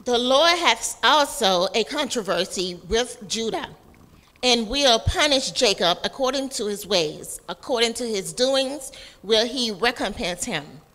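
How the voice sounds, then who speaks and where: Slow, bright-voiced woman reading scripture. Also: fairly high pitch, animated, long reverb tail. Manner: careful, deliberate reading of verses. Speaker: class member reading aloud.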